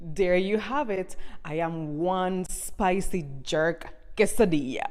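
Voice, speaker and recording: A woman in her forties from Cuba, speaking Jamaican patois with a rolled Cuban R in an animated monologue to camera. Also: mid-range voice, a little slow, few pauses. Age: 40s. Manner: animated and expressive, swings between loud and soft. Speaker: social media creator.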